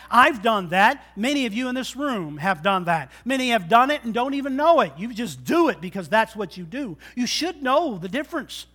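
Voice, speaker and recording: A middle-aged male pastor preaching a sermon in a church, joking and swinging between loud bursts and quiet asides. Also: very high-pitched. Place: church sanctuary.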